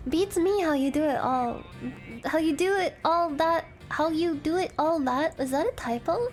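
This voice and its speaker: A woman streaming a game from her desk at home, excitable and giggly, swearing freely in casual chat. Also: sits high, measured pace, soft background music.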